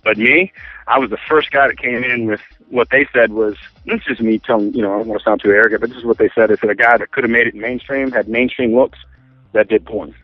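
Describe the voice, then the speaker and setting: A man's voice: medium pitch, fairly even intonation, quick pace, no echo. A man telling his story as an interview guest, rambling with many restarts and acting out quotes. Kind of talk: casual storytelling. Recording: tinny phone line, faint music.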